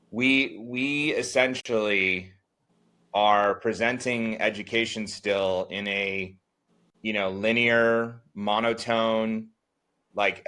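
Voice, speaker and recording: Rambling man teacher with a low voice. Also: fairly bright tone. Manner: rambling, heavy with filler words. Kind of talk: casual group discussion.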